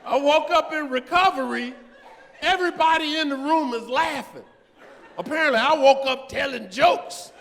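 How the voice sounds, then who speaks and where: A man's voice: extremely high pitch, normal speed. A man performing live stand-up comedy in a large theater, telling a story and acting out both sides of each conversation. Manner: animated, acts out both sides of conversations with big vocal swings. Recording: live theater recording with long hall reverb.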